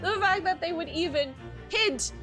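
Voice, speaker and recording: A woman's voice: extremely high pitch, moderate pace, sharp tone. A woman streaming a game, exclaiming and venting indignantly as she plays and reads lines aloud. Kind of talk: reactive let's-play commentary. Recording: game music behind.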